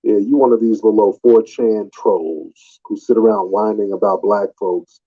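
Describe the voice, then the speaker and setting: Speaking low and slightly rough, this host keeps his intonation fairly even and his pace measured. He runs a combative live call-in audio room, taunting callers and asking the same questions again, all through muffled lo-fi sound.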